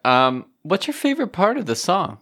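A man from Canada co-hosting a podcast, easygoing and quick to laugh in casual chat. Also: high voice, huge pitch swings, sharp tone. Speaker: podcast co-host.

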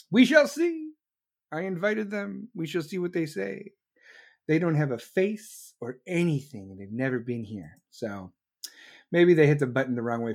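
A livestream host ranting through political commentary, swearing constantly and mocking opponents in put-on voices. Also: mid-range voice. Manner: profane, sarcastic, mocks opponents in put-on voices; combative, talks fast in bursts. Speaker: livestream host taking callers.

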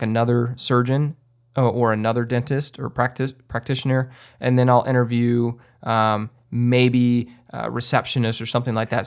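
Male podcast host, relaxed instructional chatter at an average pitch. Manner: conversational, many fillers and restarts, acts out his own directions. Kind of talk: casual instructional talk.

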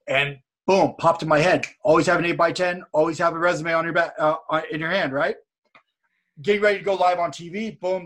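Husky man spinning a rambling story. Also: on the high side. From California. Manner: rambling, animated anecdote-telling with many repeats and quoted dialogue. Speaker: interview guest, wrestler and streamer. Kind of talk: casual storytelling in a podcast interview.

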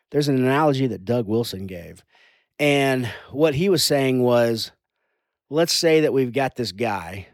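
A man's voice: mid-range voice, no echo. A man, a youth pastor, talking in an earnest conversation that drifts into preaching. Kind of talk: casual conversation.

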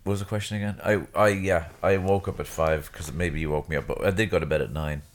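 A man's voice: low-pitched, steady tone, fast. A man with a faint Irish accent co-hosting a podcast from his bedroom, talking in a rambling casual way and often correcting himself. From Ireland. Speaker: podcast co-host. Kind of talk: casual chat. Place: bedroom at home.

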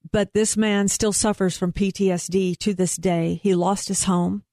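A woman's voice: medium pitch, fairly even intonation, normal speed, mellow, no room sound. A woman working as a private investigator, talking earnestly and emphatically as a guest in an interview. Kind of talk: interview conversation.

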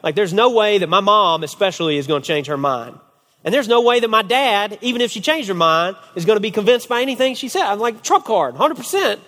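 Young man, sermon storytelling, slightly high voice, lively acted-out quotes, long hall reverb. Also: quick pace. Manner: animated storyteller, acts out quotes with big pitch swings.

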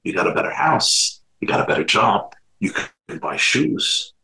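Forceful low-voiced rabbi telling a story. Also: male voice, sing-song, measured pace, poor audio. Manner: earnest storyteller retelling anecdotes. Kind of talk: storytelling talk.

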